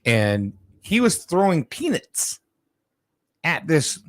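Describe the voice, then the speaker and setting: A man casually chatting and telling a story with lively energy, acting out the people in it. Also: fairly high pitch, slow pace, no room sound, clean studio sound. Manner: animated storyteller, acts out quoted people loudly.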